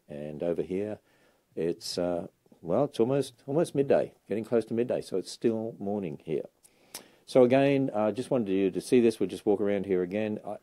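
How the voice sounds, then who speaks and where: Enthusiastic Australian man with a very deep voice. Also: warm tone. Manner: enthusiastic, chatty, lots of uh fillers. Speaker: ministry leader giving a livestream tour. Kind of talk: casual livestream chat. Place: bookstore indoors.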